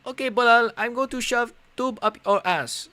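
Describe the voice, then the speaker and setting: A man's voice: very high-pitched, normal speed, sharp tone, no room sound, voice pushed up. A man putting on a crude, exaggerated Brazilian accent for a mocking fighter impression. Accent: put-on Brazilian.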